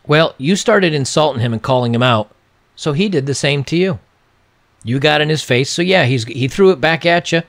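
A man's voice: on the high side, animated, normal speed, creaky. A man giving casual, sarcastic and mocking commentary on a video clip.

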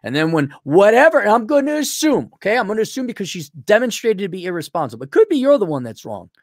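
Brash, mocking male advice host, lively sarcastic delivery, dry close recording. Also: high voice, fast talker, dry recording. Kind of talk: blunt paid advice rant.

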